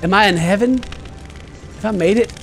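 A man giving comedic gameplay commentary, joking around and shouting at game characters. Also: high-pitched, normal speed, vocal fry. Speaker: gaming channel host. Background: game music.

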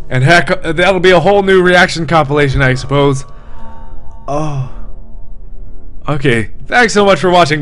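A man giving live commentary on a horror game, talking to his viewers, swinging between frightened outbursts and hushed muttering. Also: a little high. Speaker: gaming host.

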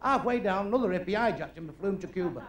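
A man's voice: high voice, lively intonation, heavy background noise. A middle-aged man with a Manchester accent doing a crude, brash stand-up routine on a live stage. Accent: Northern English, Manchester. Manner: crude, brash joke-telling with quick asides. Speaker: stand-up comedian. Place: live club or theatre stage. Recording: roomy live venue with crowd. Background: audience laughter.

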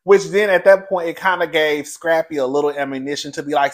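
A fairly high-voiced man gives a gossipy recap, loose and conversational. He is sassy and animated, swoops his voice up and down, and breaks into laughter as he calls everyone "girl". It sounds like a host talking straight to his regular viewers. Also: fairly quick, hardly any pauses. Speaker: show reviewer and host. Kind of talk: casual reality TV recap commentary.

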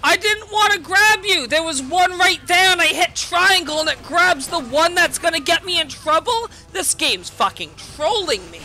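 A woman hosting a gaming video, giving loud, furious gameplay commentary full of swearing. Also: very high voice, lively intonation, moderate pace, hardly any pauses.

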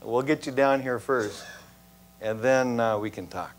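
A man preaching in a church, voicing God in a story, speaking calmly, slowly and reassuringly. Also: mid-range voice, a little hiss or hum, close to an everyday voice. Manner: calm, slow, gently reassuring. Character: calm, patient God speaking from above. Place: church sanctuary.

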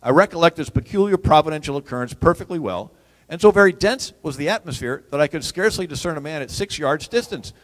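A man telling history stories as an animated storyteller, swinging from loud to hushed and laughing at his own jokes. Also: fairly high pitch, quick pace. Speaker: historian and radio host. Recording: long hall reverb.

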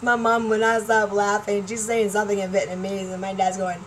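Speaking fast and flatly at a medium pitch, this woman in her 40s chats loosely with fans on her vlog, hopping between subjects and laughing a lot. The recording is low quality, with a faint background hum.

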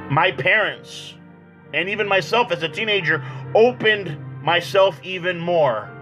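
A man, an evangelist, telling his personal testimony in a halting way, often repeating words. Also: on the high side, bright, forceful tone, poor audio. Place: small church.

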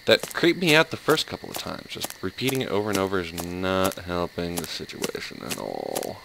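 Lively sarcastic man playing a horror game. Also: deep voice, normal speed, vocal fry, noisy background. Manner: sarcastic, yelps and laughs at scares. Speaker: let's play host.

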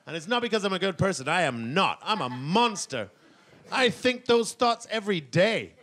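A middle-aged man doing stand-up comedy on stage, rambling and self-mocking, now and then bursting into shouted voices. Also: high voice, very animated, moderate pace. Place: comedy stage before a laughing audience.

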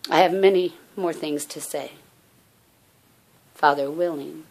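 A woman giving an earnest, halting personal faith message as a vlogger. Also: low-pitched, fairly even intonation. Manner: soft-spoken, halting, earnest. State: out of breath. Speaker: religious vlogger.

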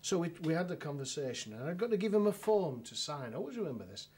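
A man's voice: on the high side, very animated, fast, mellow, slightly rough. Dry-humoured northern English man telling a story. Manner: dry storytelling with frequent restarts and fillers. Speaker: solicitor telling an anecdote. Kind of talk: documentary interview anecdote.

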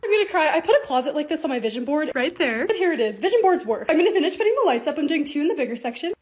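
A young woman narrating her own lifestyle vlog in a bubbly, excitable, casual way. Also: high voice, very fast. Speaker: lifestyle content creator.

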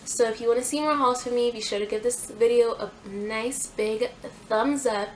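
A woman's voice: on the high side, fairly even intonation, normal speed, slight background noise, rough recording. A young woman hosting a casual clothing haul vlog, chatty and gushing, with lots of fillers. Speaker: fashion YouTuber.

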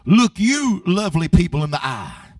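High-voiced preaching man, mic far off. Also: big pitch swings, moderate pace, dry recording, studio quality. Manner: preaching that builds to shouting, then drops to a hush. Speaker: pastor. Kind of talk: sermon. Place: church sanctuary.

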